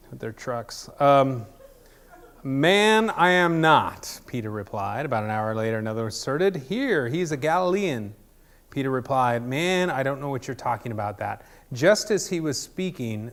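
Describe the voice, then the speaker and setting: Guy preaching, laid-back and jokey, lots of ums, middle pitch. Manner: conversational, jokey, many ums and restarts. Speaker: pastor. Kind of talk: casual sermon.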